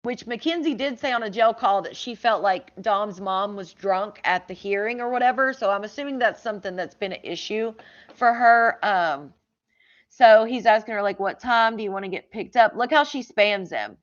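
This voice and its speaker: A woman's voice: medium pitch, moderate pace. A woman chatting casually about a true crime case, reading out text messages with lots of "like" and incredulous asides. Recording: slightly dull lo-fi audio.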